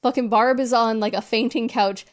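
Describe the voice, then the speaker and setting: A woman's voice: fairly high pitch, steady tone, moderate pace. A woman co-hosting a podcast, casually recapping a horror film, swearing freely and acting out the characters' lines. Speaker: podcast co-host. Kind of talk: casual movie recap chat.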